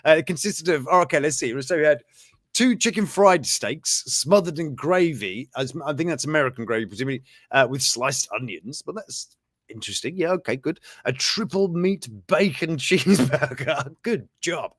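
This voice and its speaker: A man hosting a casual show, his slightly high voice swooping up and down as he reads out odd news items. He chuckles often and breaks off mid-sentence to comment, recorded dry and close with no room sound. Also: lively intonation, normal speed, fairly bright tone, dry recording. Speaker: show host.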